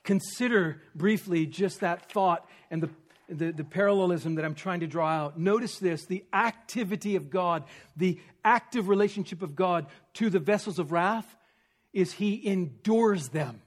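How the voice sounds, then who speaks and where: A man preaching an expository sermon, teaching with rhetorical questions and swinging from emphatic stress to hushed, near-whispered points. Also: high-pitched, normal speed. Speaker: pastor.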